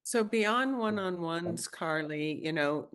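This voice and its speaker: Brisk webinar moderator asking questions. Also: medium pitch, animated, a bit bright, clear, resonant tone.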